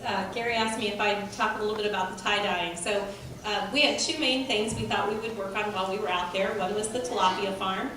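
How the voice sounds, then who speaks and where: A woman explains a mission project in a chatty, matter-of-fact manner. She is far from the mic in a big echoing hall, with clear background noise. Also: mid-range voice, fairly even intonation, fairly quick. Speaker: mission team member. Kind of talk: church presentation.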